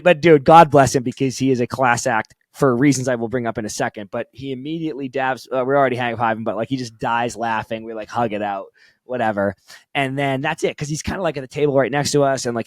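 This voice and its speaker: A young man co-hosting a podcast, telling a story in casual, excited chat, swearing and laughing often. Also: mid-range voice, fast talker, no echo. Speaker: podcast co-host.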